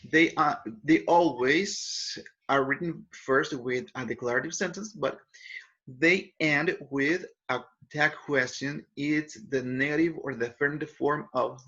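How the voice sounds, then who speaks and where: A man's voice: a little high, fairly bright tone. Patient male grammar teacher, lo-fi. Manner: patient explaining, frequent self-corrections. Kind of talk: recorded classroom lesson.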